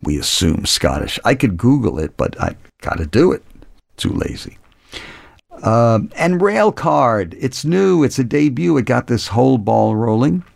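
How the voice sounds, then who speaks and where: A man's voice: medium pitch, big pitch swings, unhurried, gravelly, dry recording, clean studio sound. A man hosting a radio music show, chatting casually between songs with rambling, chuckling asides. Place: radio studio. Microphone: close studio mic.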